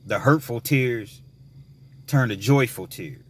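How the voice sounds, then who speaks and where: A man's voice: takes it slowly, slight background noise. Chatty man telling a story. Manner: chatty, rambling, many fillers; mimics frantic girls in a high voice. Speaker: vlogger. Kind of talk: casual storytelling vlog.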